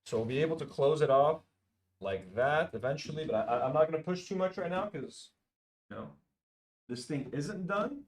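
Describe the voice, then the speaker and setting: A man with a high voice and lively, swooping pitch talks through a live stream. His chat is casual and unpolished, and he swears freely as he thinks aloud. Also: normal speed.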